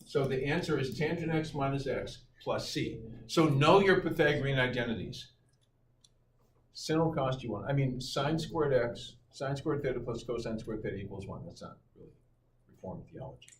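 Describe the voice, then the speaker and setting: A man's voice: medium pitch, moderate pace. Middle-aged man, joking classroom teacher, heard from across the room. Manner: lively, playful, jokes with students. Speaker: calculus teacher. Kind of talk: classroom lecture. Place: high school classroom. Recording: echoey classroom from far off, noisy.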